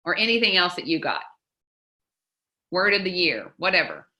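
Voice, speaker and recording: A woman's voice: on the low side, big pitch swings, moderate pace, bright, forceful tone, reverberant, poor audio. A woman leading a casual group coaching talk, chatty and upbeat, quoting sayings and laughing easily. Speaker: team leader teaching a book study.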